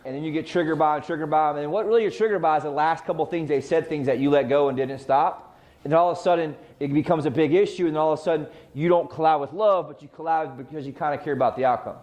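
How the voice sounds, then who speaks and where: A man's voice: on the high side, fairly even intonation, fast talker, a little mellow. A middle-aged man coaching a real estate training session, often asking the group questions and answering them himself. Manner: rhetorical questions to the class. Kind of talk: training talk.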